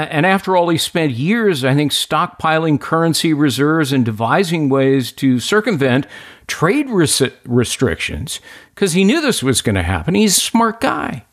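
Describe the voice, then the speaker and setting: A man hosting a political talk show, lively and indignant, laughing as he talks. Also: on the high side, slightly rough. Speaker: host.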